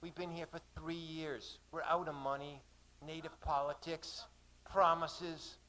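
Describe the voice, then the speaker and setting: A man's voice: a little high, level tone, unhurried, sharp tone, voice pushed up, rough recording. A man putting on a tired young Australian woman. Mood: weary, resigned. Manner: resigned, tired. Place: live reading in a cafe.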